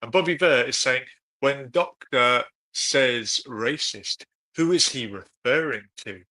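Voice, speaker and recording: Bright-voiced man hosting a live stream. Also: medium pitch, slow. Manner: chatty, reads out viewer comments, asks follow-ups. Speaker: co-host of a live discussion stream. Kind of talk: casual live-stream chat, reading viewer comments.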